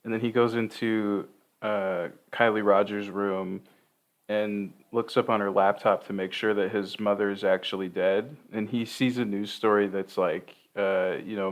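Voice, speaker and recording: A man's voice: fairly low pitch, steady tone, measured pace. A man hosting a podcast, recapping a movie in a rambling, profane, casual way with lots of fillers. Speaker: podcast host.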